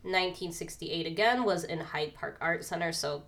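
A woman's voice: lowish voice, normal speed, a bit bright. A woman co-hosting a podcast in casual chat, getting over a cold, chatty with giggly asides. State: recovering from a cold. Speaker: podcast co-host.

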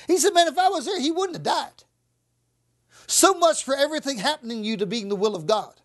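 Preacher, woman with a high voice, emphatic sermon delivery that acts out the lines she quotes. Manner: emphatic, repeats phrases, acts out scripture quotes.

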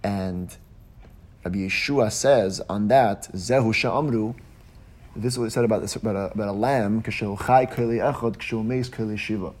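A man teaching a religious text in a Talmudic lecture. He explains it in a sing-song study cadence, with quick restarts, and his voice jumps up at key points. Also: fairly low pitch, darkish tone. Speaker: Torah teacher.

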